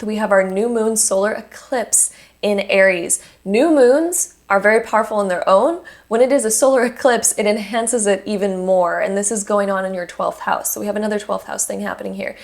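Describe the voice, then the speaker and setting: A woman talks through a monthly astrology forecast, unscripted and earnest. She keeps an encouraging tone, slips in fillers and restarts her sentences, and her voice sits at a middling pitch for a woman. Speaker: astrology YouTuber.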